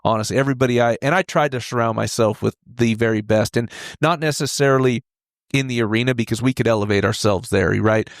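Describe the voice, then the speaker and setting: A man in his forties, a podcast guest telling rodeo stories in a casual, animated way, laughing often and acting out the voices of the people in them. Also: medium pitch, quick pace, no room sound, studio quality. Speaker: podcast guest, retired steer wrestler. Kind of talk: casual storytelling.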